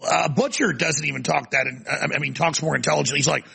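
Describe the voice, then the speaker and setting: A male talk show host ranting forcefully through a heated interview. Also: a little high, fairly even intonation, quick pace, creaky, slightly rough.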